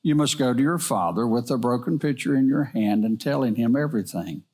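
Man reading as a wise old storybook nanny, firm but gentle, normal pitch. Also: lively intonation, brisk, breathy edge. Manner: firm yet gentle, counseling.

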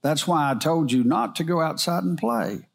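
A man's voice: fairly high pitch, lively intonation, moderate pace, creaky. A man voicing a loving, patient father who speaks tenderly to his daughter in a read-aloud story. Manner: warm, reassuring and tender.

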